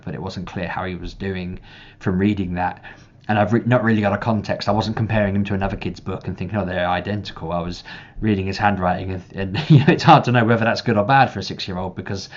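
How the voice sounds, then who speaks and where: A young man with a very low voice chats to camera at length, circling back and restarting his thoughts as he goes. He gets animated whenever he acts out a conversation. The recording sounds dull and slightly lo-fi. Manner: rambling, restarts often, animated when reenacting. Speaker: parent vlogger. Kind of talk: casual chat to camera.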